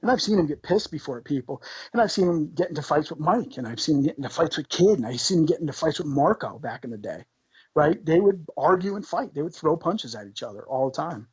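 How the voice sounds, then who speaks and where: A man, a podcast guest, telling tour stories in an animated, swearing, laughing way. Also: fairly high pitch, fast, slightly rough, no room sound, dull audio. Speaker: podcast guest, band member. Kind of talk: casual storytelling.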